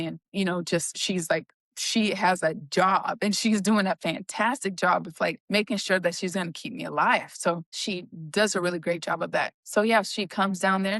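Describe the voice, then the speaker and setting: A woman's voice: on the low side, fairly bright tone, no echo. A young adult woman telling her own story with emotion, acting out the dialogue. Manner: emotional, retelling dialogue with "I was like". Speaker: cancer survivor guest. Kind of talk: personal storytelling.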